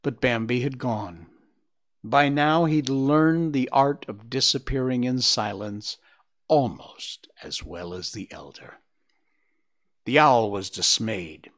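Lively male storyteller reading aloud. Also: mid-range voice, takes it slowly. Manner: chatty and informal between chapters.

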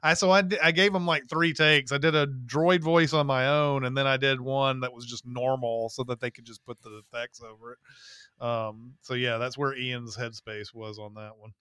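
A man chats on a podcast in a loose, rambling way, swearing freely and restarting his sentences. His voice is bright and crisp. It is recorded close and dry. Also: mid-range voice, fairly even intonation, moderate pace, no room sound. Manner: chatty, swears freely, restarts and laughs often. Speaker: narrator and podcast guest. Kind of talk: casual podcast chat.

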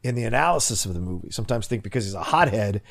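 A man co-hosting a film podcast in a casual chat, animated and rambling, often laughing. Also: on the low side, rapid-fire, gravelly. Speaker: podcast co-host.

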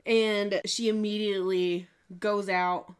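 A woman's voice: mid-range voice, flat delivery, slow, smooth. A woman co-hosting a film podcast in casual chat, giggly and vividly retelling scenes. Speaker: podcast co-host.

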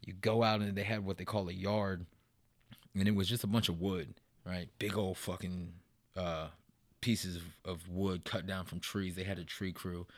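A man's voice: low-pitched, flat delivery, normal speed, no echo. A man in a casual interview, telling his own story in a profane, rambling way, full of "man" and "bro".

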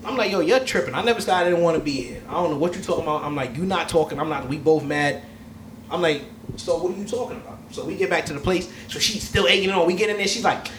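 A man hosting a casual chat, telling a long story in a loud, profane, laughing way. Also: fairly high pitch, fast. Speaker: host. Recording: echoey room, mic far off, faint noise.

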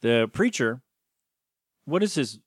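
A man's voice: mid-range voice, sing-song, slow, husky, dry recording, clean studio sound. A man co-hosting a podcast, chatting casually and jokingly about a TV episode, rambling with lots of fillers. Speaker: podcast co-host. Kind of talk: casual chat recapping a TV episode.

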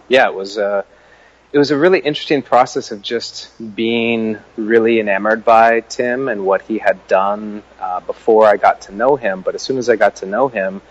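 An easygoing man speaks as a podcast guest, and he laughs readily. His voice is fairly low. It comes through a dull, lo-fi line. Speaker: podcast guest, acro yoga co-founder. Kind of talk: casual interview chat.

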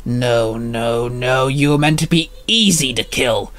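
A man voicing a cruel half-human, half-monster male villain in a rasping, low voice. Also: slow. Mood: incredulous.

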